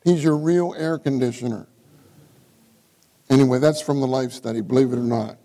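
A man's voice: medium pitch, moderate pace, warm tone, poor audio. A middle-aged man preaching a sermon, reading scripture aloud and repeating key phrases for emphasis. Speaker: church speaker.

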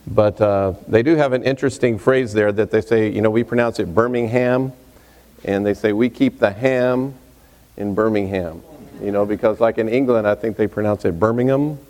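A man from Texas introducing himself to a congregation as a visiting preacher, relaxed and chatty with many fillers and asides. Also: fairly low pitch, brisk. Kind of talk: sermon introduction, casual and folksy. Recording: reverberant hall.

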